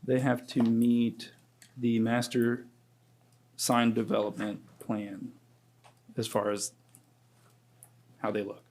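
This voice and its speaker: A man on county staff, explaining permit conditions at a public meeting in a measured, precise way. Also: medium pitch, level tone, a little mellow.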